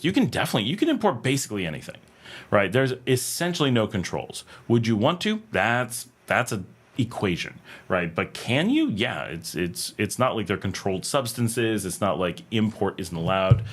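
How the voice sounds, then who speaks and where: A man's voice: on the low side, big pitch swings, normal speed. A man hosting a casual livestream from home, reading viewer comments aloud and answering them in a rambling, thinking-aloud way with many fillers and restarts. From United States. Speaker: livestream host. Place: home room with air conditioning.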